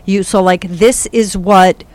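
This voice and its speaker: A woman giving a casual spiritual reading, animated and laughing, slipping into playful voices. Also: medium pitch, slow, no echo. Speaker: psychic reader.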